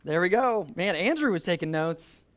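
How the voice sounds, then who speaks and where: A man's voice: sits high, animated, normal speed, fairly bright tone. A man moderating an adult church class, talking conversationally with many fillers and restarts and quizzing the group. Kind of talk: adult Sunday school class teaching.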